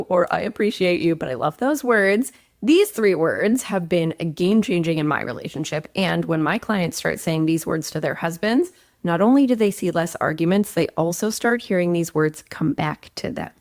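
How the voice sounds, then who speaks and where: A woman's voice: lowish voice, normal speed. A woman in her thirties, a relationship coach, giving emphatic, conversational advice straight to the camera. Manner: animated, emphatic, conversational with acted-out quotes. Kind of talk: direct-to-camera advice talk.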